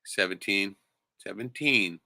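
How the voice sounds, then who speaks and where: A man's voice: deep voice, takes it slowly, creaky, sharp tone, no room sound. A man giving sarcastic, profane commentary on video clips as the host of a streamed show. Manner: sarcastic, swears a lot.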